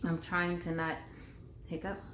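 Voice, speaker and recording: A woman's voice: lowish voice, little pitch movement, unhurried, a bit bright, a little hiss or hum. Chatty woman pastor in a roomy room. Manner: chatty and playful, teasing. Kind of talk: casual chat with viewers. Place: home room.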